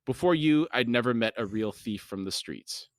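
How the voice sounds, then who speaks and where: A man's voice: mid-range voice, animated, moderate pace, dry recording, clean studio sound, close to an everyday voice. A man reading the lines of a haughty young noblewoman in an audiobook-style reading, barely changing his voice. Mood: cool.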